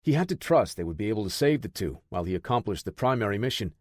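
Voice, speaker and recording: A man narrating a military action audiobook in a steady, measured reading. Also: fairly low pitch, no echo, studio quality. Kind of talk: scripted narration.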